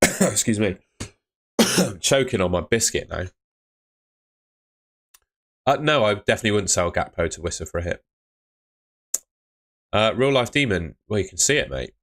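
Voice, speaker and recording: Brief: man, somewhat low voice, easygoing live stream host, chatty, answering viewer questions. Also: animated, normal speed, long pauses, fairly bright tone. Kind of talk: casual live stream chat.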